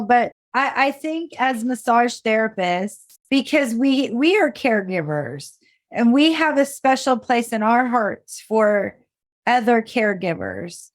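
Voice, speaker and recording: A woman hosting an interview podcast, speaking in an emotional, warm-hearted way. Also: on the high side, animated, unhurried, no room sound. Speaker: podcast host. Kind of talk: interview conversation.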